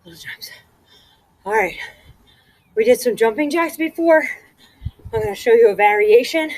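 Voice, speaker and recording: A woman's voice: a little high, animated, normal speed, a little mellow, no room sound, low-quality recording. A woman fitness instructor leading a workout and counting reps aloud, out of breath and encouraging.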